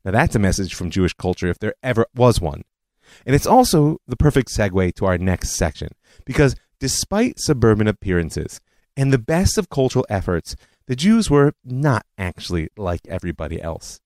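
A man hosting a history podcast, telling it as a scripted lecture with animated storytelling and personal asides. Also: on the low side, normal speed, no room sound.

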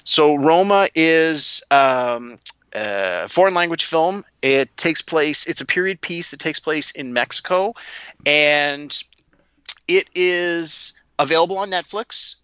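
A man co-hosting a podcast, reviewing films in casual chat and speaking in a hesitant, halting way. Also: fairly high pitch, bright, forceful tone, clean tone, lo-fi sound. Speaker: podcast co-host.

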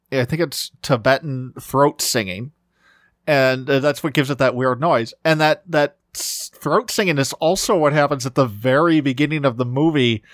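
Excited man in a dry podcast booth. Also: medium pitch, no echo. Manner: enthusiastic, talks with frequent restarts. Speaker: podcast co-host. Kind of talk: casual film discussion.

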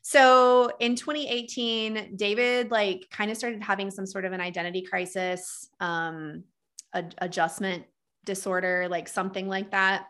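A woman's voice: mid-range voice, a little slow, smooth. A woman in her thirties as a podcast guest, telling her own story in a candid, casual way full of "like" and "um". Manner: frequent "like" and "um" fillers, candid and animated.

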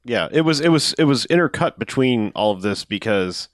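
A man's voice: mid-range voice, normal speed, dry recording, clean studio sound. A man casually retelling a movie plot to a friend, quoting the characters in put-on voices. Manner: lively storyteller, quotes characters in voices. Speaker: podcast co-host. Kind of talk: casual movie recap chat.

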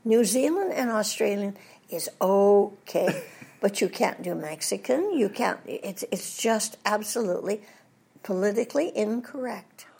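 An older woman, a voice actress appearing as a guest, tells anecdotes in a storytelling interview and slips into British voices for jokes. Her mid-range voice has lively intonation and a darkish, slightly rough tone with some vocal fry, and she speaks a little slowly.

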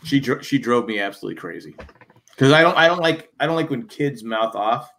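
A man's voice: mid-range voice, a little fast, vocal fry, slight background noise. An older grandfather in casual podcast chat, telling stories and acting out quotes. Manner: animated storyteller acting out quotes. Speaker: podcast co-host.

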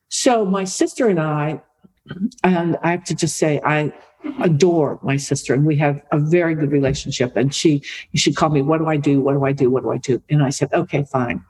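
A middle-aged woman, an author and podcast guest, telling a family story in a lively conversational way. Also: sits low, rough recording. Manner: lively anecdotal storytelling, repeats for emphasis.

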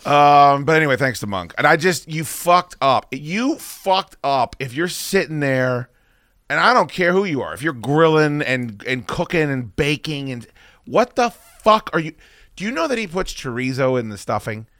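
A man co-hosting a podcast, telling stories in casual chat, profane and animated. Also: a little high, moderate pace, no room sound, clean studio sound. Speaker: podcast co-host.

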